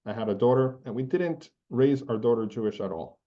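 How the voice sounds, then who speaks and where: A man's voice: medium pitch, expressive, brisk, dark tone, muffled recording, close to an everyday voice. A man voicing a bitter old survivor. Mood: aggrieved. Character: elderly bitter male Holocaust survivor.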